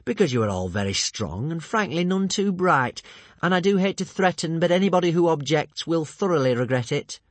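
A man voicing a smug male pirate chief who threatens people with false politeness and silky, mock-gentle menace. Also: fairly high pitch, animated, brisk, no room sound, voice pushed up, close to an everyday voice. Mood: gloating.

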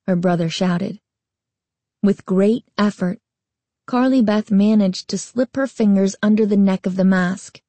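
A woman narrating a storybook aloud with a slow, even reading. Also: medium pitch, no room sound.

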